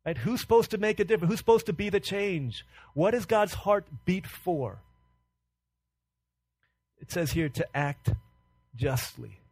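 A man preaching a sermon as pastor, impassioned and full of rhetorical questions, sometimes dropping low and quiet. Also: lively intonation, normal speed, pauses often, dry recording.

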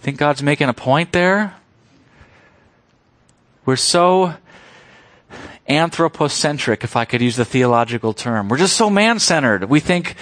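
A man's voice: fairly high pitch, animated, moderate pace, pauses often, no room sound. Man preaching an expository sermon. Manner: expository preaching, emphatic, rhetorical questions. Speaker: pastor.

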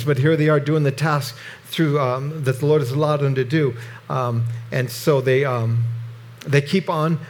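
A middle-aged man walks through scripture verse by verse, speaking in a relaxed, conversational way that often stalls and restarts. His voice sits somewhat high for a man. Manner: conversational, halting, with frequent restarts. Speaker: Bible teacher. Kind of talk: verse-by-verse Bible teaching.

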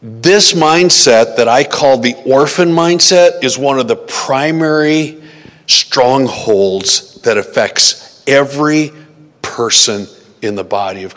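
Slow-preaching male pastor in a reverberant hall. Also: medium pitch, animated, fairly bright tone. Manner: slow, deliberate preaching with prayer. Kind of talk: sermon.

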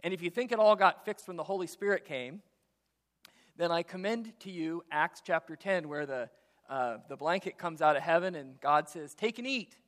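A man delivers a relaxed, conversational sermon as pastor, now and then putting on quick voices for biblical characters. His voice sits a little high for a man. The sound rings out with the long reverb of a large church sanctuary.

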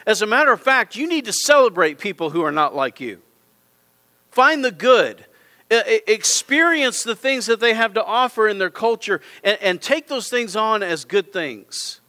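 A middle-aged man preaching to a congregation in a church auditorium. His voice sits high and sounds bright and forceful. He hammers his points with repeated phrases and direct appeals to the people in the pews. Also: lively intonation, moderate pace. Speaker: pastor. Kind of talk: sermon.

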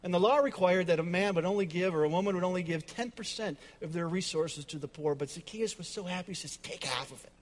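A man's voice: high-pitched, fast, few pauses, big-room sound. A man preaching a sermon as pastor, dramatic and emphatic with repetition, in a church.

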